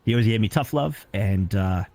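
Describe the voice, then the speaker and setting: A young man guesting on an interview stream tells rambling, casual stories, frequently repeating himself and restarting sentences. His voice is lowish, expressive, fairly quick, and a little mellow.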